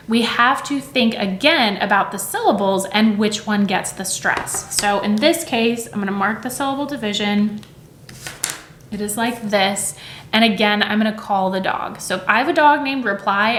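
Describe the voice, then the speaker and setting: A woman's voice: mid-range voice, a bit bright, echoey room. Chatty woman teacher explaining phonics. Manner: conversational, frequent "right?" checks, demonstrates sounds aloud. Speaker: teacher and educator.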